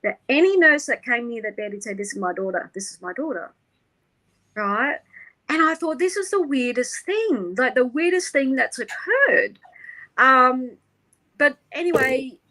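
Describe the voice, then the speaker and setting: A woman, an interview guest, tells a personal story in an animated way, laughing often and acting out the people she quotes. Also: sits high, measured pace, rough recording.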